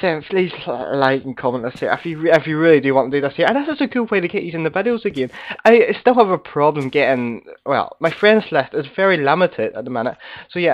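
A man hosting a casual game commentary, slightly hoarse from being sick, rambling and chatty as he talks to viewers and fellow players. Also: a little high, highs cut off. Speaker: gaming video host.

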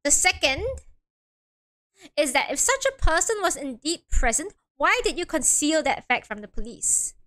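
Woman reading a strict old judge, bright lively voice, pretty high. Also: moderate pace, heavily acted. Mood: stern. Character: stern older male courtroom judge.

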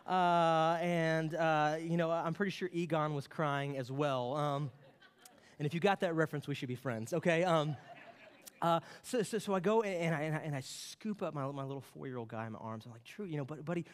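A man in his late thirties preaching a sermon, telling a family story with an animated, storytelling manner. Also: a little high, normal speed, clear, resonant tone. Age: late 30s. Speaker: pastor. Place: church sanctuary. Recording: long reverb of a church hall.

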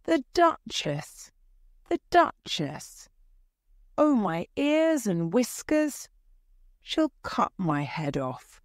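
A woman's voice: medium pitch, sing-song, extremely slow, no echo, studio quality, pitched above the performer's own voice, exaggerated voice. A woman voicing a fretful, hurrying male white rabbit in a storybook, fussy and bossy in manner. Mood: flustered.

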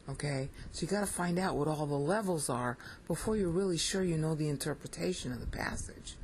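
A Bible teacher giving a study lecture, blunt and emphatic, often checking in with listeners with a quick "okay?". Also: medium pitch, darkish tone, a little hiss or hum, low-quality recording.

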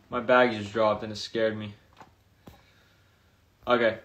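A man's voice: on the low side, level tone, slow, pauses often, fairly bright tone. A young man chatting casually on a livestream into his phone, loosely reading out and reacting to viewer comments. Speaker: streamer answering viewer comments.

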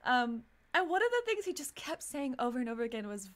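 Giggly high-voiced woman chatting to her stream. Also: very animated, brisk, hardly any pauses. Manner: giggly, self-mocking, rambling with many fillers. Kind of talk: casual chat to a live stream.

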